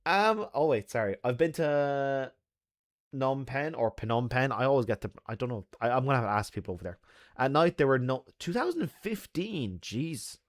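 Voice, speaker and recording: A man's voice: mid-range voice, sing-song, fairly quick, dry recording. Irish guy rambling on his live stream, laughing a lot, answering chat, dry close mic. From Ireland. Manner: chatty and jokey, laughs often, loose with fillers. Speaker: livestream host. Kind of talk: casual live-stream chat reading viewer comments.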